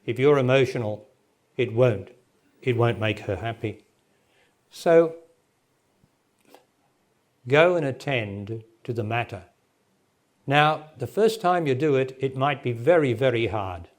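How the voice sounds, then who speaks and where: A man's voice: medium pitch, animated, slow pace, pauses often. A man in his sixties, a spiritual teacher talking directly to a gathering and answering a question in plain words. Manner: direct, plain-spoken, laughs often. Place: meeting hall with audience. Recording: remastered 1998 talk recording.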